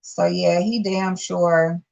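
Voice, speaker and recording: A woman's voice: on the low side, fairly even intonation, slow pace, creaky, darkish tone, lo-fi sound. A woman, a channel host giving casual, profane commentary, blunt and sassy, rising to exasperated outbursts. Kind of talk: casual live-stream commentary.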